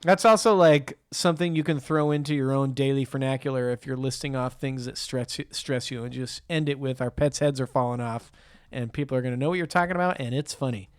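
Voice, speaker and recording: A man's voice: medium pitch, brisk, clear, resonant tone, no room sound, clean studio sound. A man co-hosting a podcast, chatting casually about favorite movie lines and laughing along. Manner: upbeat, laughs at his own quotes. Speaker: podcast co-host. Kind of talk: casual film chat.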